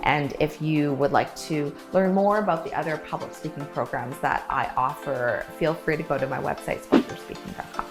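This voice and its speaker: A middle-aged woman, a public speaking coach, giving a tutorial to camera with clear, deliberate delivery and stressed key words. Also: sits low, music in the background.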